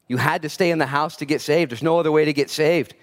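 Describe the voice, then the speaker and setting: Guy preaching a chatty sermon, kinda high voice, jokes around and does little voices. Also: fast talker. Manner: animated, acts out quoted voices, joking asides. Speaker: pastor. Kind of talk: conversational sermon.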